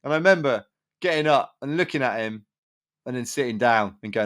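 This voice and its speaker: A man's voice: medium pitch, expressive, fairly quick, fairly bright tone, no room sound. Man, podcast host, casual chat, laughing storyteller, dry recording. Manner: chatty, swearing, laughs while telling stories.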